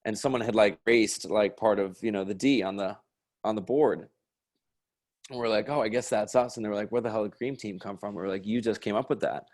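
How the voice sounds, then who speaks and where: A man's voice: fairly low pitch, brisk, a little mellow. A man in his late twenties, a sketch comedian guest, telling loose, swear-filled stories with lots of laughter. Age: late 20s. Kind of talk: casual conversational storytelling.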